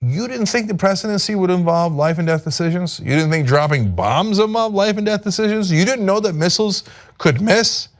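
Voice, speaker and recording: A man giving sarcastic political commentary, mocking and exasperated, firing off rhetorical questions. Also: a little fast. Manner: mocking, exasperated, reads quotes aloud; rhetorical questions, lively pitch swings.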